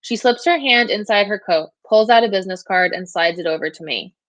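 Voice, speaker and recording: A woman's voice: medium pitch, fairly quick, no echo. Woman teacher reading a novel aloud. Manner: steady first-person narration. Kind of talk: classroom read-aloud of a novel.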